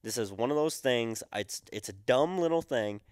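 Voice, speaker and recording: A man's voice: medium pitch, expressive, normal speed, clean tone, dry recording, studio quality. Laughing young man telling a story. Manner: laughing often, acts out quotes with a yelling voice. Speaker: podcast co-host. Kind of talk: casual storytelling chat.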